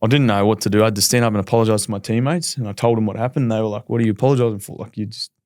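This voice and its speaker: Fast-talking Australian man, candid and laid-back. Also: on the low side, steady tone, a little mellow, no echo, studio quality. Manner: rapid, candid, laid-back with frequent ums. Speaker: podcast guest, professional footballer. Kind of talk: casual storytelling chat.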